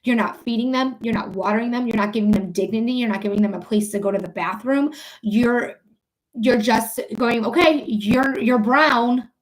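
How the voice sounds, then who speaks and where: Woman, psychic livestream host, casual home stream, cursing, heated, a bit high-pitched. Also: a little fast, darkish tone. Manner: swears freely, talks straight to viewers. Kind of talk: casual livestream chat and ranting.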